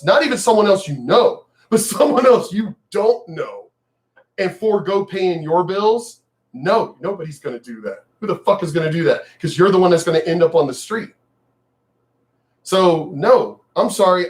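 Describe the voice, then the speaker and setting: A man in a profane, mocking political rant, repeating himself and shouting mock cheers. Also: high-pitched. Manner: angry, profane, repetitive, mocking. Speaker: video commentator.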